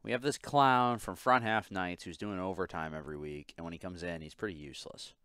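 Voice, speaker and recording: A man's voice: low-pitched, fairly quick, fairly bright tone, clear, resonant tone, no room sound, studio quality. A man hosting a casual podcast, telling a work story in a profane, exasperated way. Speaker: podcast host. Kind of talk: casual chat.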